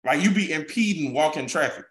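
Animated, blunt New man. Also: fairly high pitch, a little fast. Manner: animated storytelling, blunt and profane. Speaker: podcast guest. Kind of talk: casual chat. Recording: roomy echo.

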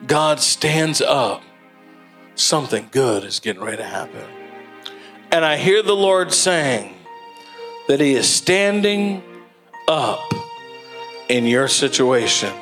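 A man preaching a sermon as pastor, telling lively stories with laughter and then slowing into earnest exhortation. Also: mid-range voice.

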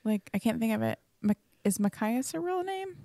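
A woman's voice: a little high, very animated, moderate pace, warm tone, no room sound. Brief: woman, podcast co-host, casual and playful, dry close sound. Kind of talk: casual chat.

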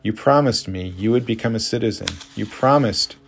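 A man's voice: on the low side, normal speed, slight background noise, lightly acted. A man voicing a pleading, frustrated wife. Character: frustrated American wife, adult woman.

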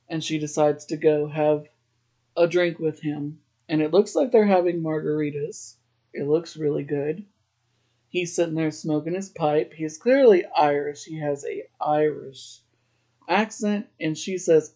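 A man's voice: fairly high pitch, fairly even intonation, unhurried, mellow. A man hosting a podcast, casually recapping a TV episode, chatty, often laughing and using "like" a lot. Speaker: podcast host.

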